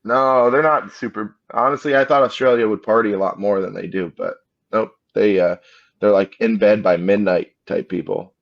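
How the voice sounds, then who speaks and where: A man's voice: fairly low pitch, steady tone, normal speed, vocal fry. Hungover american guy rambling on a comedy podcast, kinda muffled lo-fi audio. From United States. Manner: rambling, laid-back storytelling. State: hungover, just woke up. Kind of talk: casual chat. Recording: slightly dull lo-fi sound.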